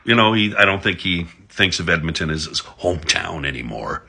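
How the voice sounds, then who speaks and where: Brief: middle-aged man, lower voice, bright and husky, sarcastic profane rant. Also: lively intonation, a little fast. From Alberta, Canada. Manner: sarcastic, heavy swearing, big pitch swings. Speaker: political commentator. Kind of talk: profane ranting monologue.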